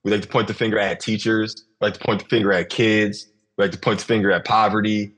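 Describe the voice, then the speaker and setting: Husky, reflective man on a podcast. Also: fairly low pitch, level tone, fast, a bit bright. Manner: reflective, talks with many restarts and repeated phrases. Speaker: podcast host. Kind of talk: casual podcast conversation.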